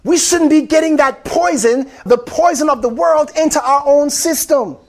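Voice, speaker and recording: A man preaches with real fervor, his voice sitting unusually high. He drives points home by repeating his phrases and keeps addressing the congregation as beloved. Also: normal speed. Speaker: pastor. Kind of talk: sermon.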